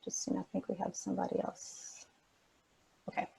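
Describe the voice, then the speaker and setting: A woman speaking as guest speaker in a motivational talk to a youth forum over a video call, energetic and emphatic, repeating her key points. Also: medium pitch, a little fast, vocal fry, husky, low-quality recording.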